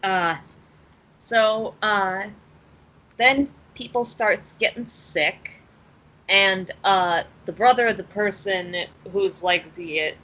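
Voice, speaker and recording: A woman voicing a folksy, blunt female spacer who talks in rough slang during a tabletop role-play game. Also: medium pitch, slow, fairly bright tone, dull audio. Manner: drawling, slangy, rough-spoken.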